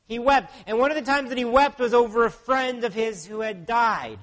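A man with a notably high voice delivers a sermon as a pastor. He speaks earnestly and keeps turning to his listeners with rhetorical questions. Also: normal speed, a bit bright.

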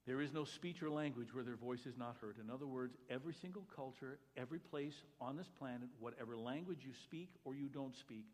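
A man pastor preaching a sermon, talking to the congregation with asides, swinging between loud exclamations and hushed quiet remarks. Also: medium pitch, moderate pace. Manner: conversational, with jokes to the congregation. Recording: long reverb of a large hall.

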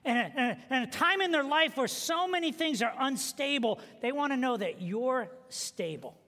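A man preaching a sermon as pastor, telling stories with humor and animated delivery. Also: very high-pitched, moderate pace. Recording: long reverb of a large hall.

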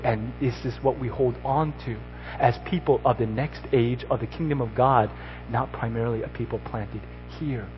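A man's voice: mid-range voice, fairly even intonation, normal speed, few pauses, faint music behind. A man giving a sermon, telling a story and then exhorting his listeners with rising emphasis. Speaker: pastor. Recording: slightly dull recording with faint noise.

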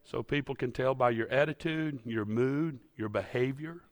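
A man's voice: medium pitch, normal speed, no room sound. Folksy man preaching. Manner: folksy, storytelling, building to loud emphatic peaks. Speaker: pastor. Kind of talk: sermon. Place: church sanctuary.

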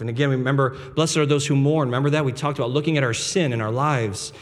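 A pastor preaching a sermon in a casual, conversational way, full of restarts and rhetorical questions. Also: male voice, mid-range voice, steady tone, fast, hardly any pauses. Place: church sanctuary. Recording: long hall reverb with soft guitar behind. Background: soft guitar music.

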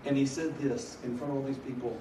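A middle-aged man preaching a story with humor, animated, shifting from loud bursts to hushed earnest telling. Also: medium pitch, fast. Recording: echoey hall from far off, noisy.

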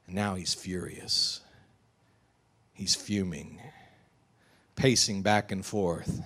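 A man preaching a sermon, retelling a story in a lively, vivid way. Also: low-pitched, takes it slowly. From West Texas. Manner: animated, vivid retelling with acted quotes. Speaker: pastor.

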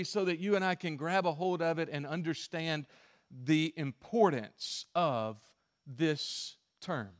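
A male pastor preaching a sermon and telling a story, swinging from emphatic stretches to hushed ones. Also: on the high side.

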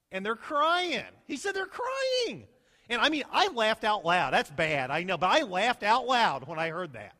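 A man preaching a sermon as pastor, animated, swinging between loud emphasis and soft, slow asides. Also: high voice, long reverb tail. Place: church sanctuary.

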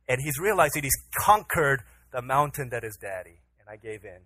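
A man in his thirties, a pastor, telling a lively family story in a sermon and acting out his side of it. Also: medium pitch, moderate pace, few pauses, poor audio. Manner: storytelling, acts out his own pleading voice to his toddler.

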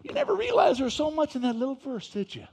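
A man preaching a sermon in church, reading scripture slowly and switching between soft folksy asides and loud emphatic points. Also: very high voice, huge pitch swings, gravelly. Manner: reads scripture slowly with stress; folksy, talks straight to the congregation. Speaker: pastor.

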